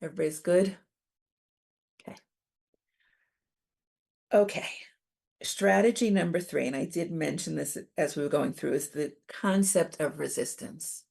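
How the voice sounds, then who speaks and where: A middle-aged woman giving a calm, explanatory talk on coping with stress, as presenter. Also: deep voice, unhurried, gravelly, long pauses, slightly rough. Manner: calm, validating, explains step by step.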